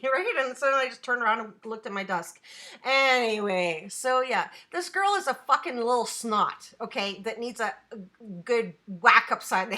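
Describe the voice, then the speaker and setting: A woman, an adult student, ranting casually on a live stream, animated and swearing, breaking off to answer her chat. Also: on the high side.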